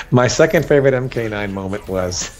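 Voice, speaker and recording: A man's voice: mid-range voice, moderate pace, faint music behind. A man chatting casually as a co-host, telling tournament stories, laughing and acting out quotes. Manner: animated, laughing, acts out quotes. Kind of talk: casual storytelling chat.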